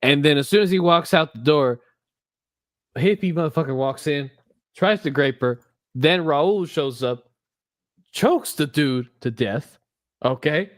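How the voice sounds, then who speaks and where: A man's voice: fairly high pitch, unhurried, pauses often. A man co-hosting a movie review podcast over a remote call, telling the plot crudely and swearing a lot. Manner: crude, animated storytelling with profanity. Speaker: podcast co-host. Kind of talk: casual chat.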